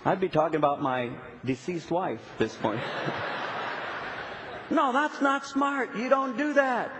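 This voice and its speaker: A man's voice: sits high, a little slow. A middle-aged male pastor preaching a sermon, telling stories animatedly and acting out little dialogues. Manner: animated storytelling, acts out dialogue. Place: church sanctuary. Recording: long hall reverb, faint noise.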